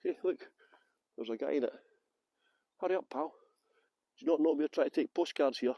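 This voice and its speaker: A man's voice: a little high, normal speed, pauses often, warm tone, no room sound. A Scottish man giving a live walking tour of outdoor gardens, joking and teasing his viewers while filming on a handheld phone. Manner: joking, facetious banter with viewers. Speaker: tour guide.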